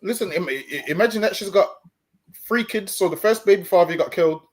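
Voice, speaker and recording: A man's voice: high-pitched, fairly quick. A man talking on a stream, preaching and lecturing, often stumbling over repeated words and saying "listen, man.". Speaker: street preacher co-host. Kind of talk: stream discussion.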